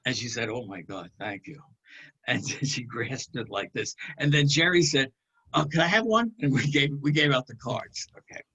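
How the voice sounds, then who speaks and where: An older man, a regular panelist, telling a long anecdote in an unhurried way, chuckling as he goes. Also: mid-range voice, sharp tone, husky, lo-fi sound. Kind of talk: anecdote storytelling.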